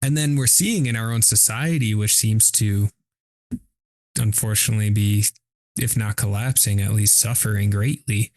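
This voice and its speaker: A man's voice: on the low side, normal speed, a little mellow, dry recording. A man co-hosting a podcast in casual, thoughtful chat, talking loosely with many "like"s and "you know"s. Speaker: podcast co-host.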